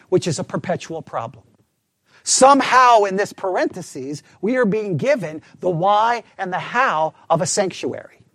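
A man delivering a sermon with emphasis, putting rhetorical questions to his listeners and sometimes dropping to a hushed, low delivery. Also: dry recording, clean studio sound. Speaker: preacher.

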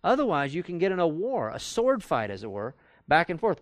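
A man's voice: a little high, very animated, quick pace, no echo, studio quality. A man teaching a Bible study class in a conversational way, acting out quoted arguments as he goes. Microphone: recorded for audio with a live class.

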